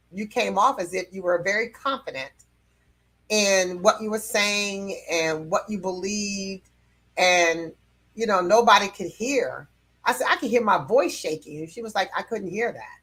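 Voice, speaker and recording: A woman's voice: medium pitch, pushed and bright. A woman teaching about personality temperaments in a casual, conversational way, with fillers and light laughs.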